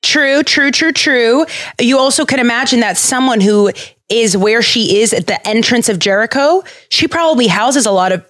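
A woman hosting a podcast, retelling a story in a casual, playful and animated way, with jokes and restarts. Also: a little high, normal speed. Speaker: podcast host.

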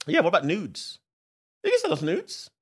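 Lively, joking male podcast co-host. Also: high-pitched, normal speed, breathy edge. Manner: playful, joking banter. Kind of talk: casual comedic chat.

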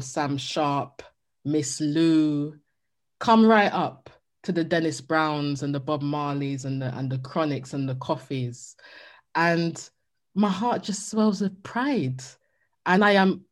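A woman journalist answering interview questions earnestly, often repeating words as she gathers her thoughts. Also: low voice. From Jamaican heritage. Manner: earnest, repeats words while searching for them.

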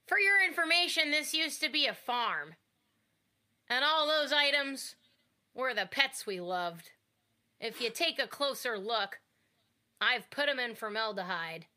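A woman's voice: high voice, sing-song, a little slow, long pauses, pushed and bright, exaggerated voice. Woman playing a creepy old farm-pet collector. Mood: defensive. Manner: defensive, menacing, giggling between threats. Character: eccentric older woman hoarding preserved farm pets, creepy. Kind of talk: improvised comedic storytelling.

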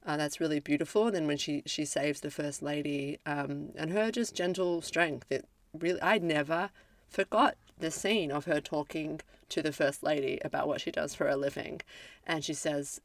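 Podcast co-host, mid pitch, meandering and affectionate delivery, dry close recording. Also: steady tone, no echo. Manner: rambling, halting restarts, fond and playful. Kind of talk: casual chat about films.

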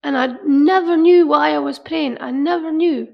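Woman, emotional recollection, earnest, halting, repeats herself, high raspy voice. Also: highs cut off. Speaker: interviewee. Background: soft music.

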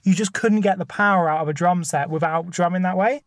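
A man's voice: sits high, brisk, no echo, clean studio sound. A man co-hosting a podcast, making his case point by point in casual, filler-heavy chat. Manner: enthusiastic, argues point by point with many fillers. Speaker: podcast co-host.

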